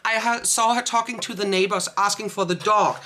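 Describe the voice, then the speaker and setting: A woman's voice: medium pitch, steady tone, a little fast, bright, forceful tone, slight background noise. A young woman vlogger telling a story in a rambling, emotional way. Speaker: small business owner and vlogger. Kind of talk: casual storytime vlog.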